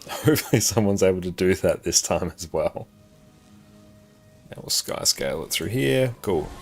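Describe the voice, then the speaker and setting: A man with a South Australian accent chats through a live game stream in a very deep, low voice. He answers viewers with relaxed, dry jokes, and soft game music plays faintly underneath. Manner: relaxed, dry joking asides. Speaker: livestreamer reading chat. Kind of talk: casual live gaming commentary.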